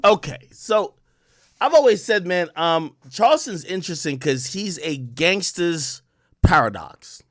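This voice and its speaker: A man's voice: fairly high pitch, animated, measured pace, fairly bright tone, no room sound, studio quality. A man hosting a livestream, rambling through casual commentary and repeating himself. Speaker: livestream host.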